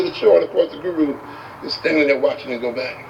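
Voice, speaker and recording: A man giving a motivational talk, telling a story with animated delivery and acting out the characters, recorded from a distance with dull sound. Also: a little high, quick pace, vocal fry. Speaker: motivational speaker. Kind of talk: storytelling speech. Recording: distant, dull, faint hiss.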